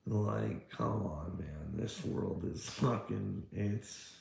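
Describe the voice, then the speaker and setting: A man with a fairly low, gravelly, darkish voice draws out his words in a reverberant space. He's a video creator in a confrontational rant against a critic, combative and firing rhetorical questions. He swears a lot and keeps repeating "bud" and "you know what I mean."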